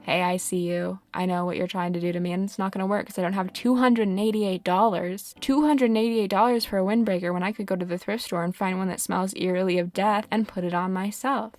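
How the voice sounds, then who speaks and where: A woman's voice: medium pitch, fast talker, few pauses, a little mellow, dry recording. A young woman giving casual, sarcastic commentary while playing a game, often scolding the characters on screen. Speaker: gaming vlogger. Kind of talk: casual rambling commentary over gameplay.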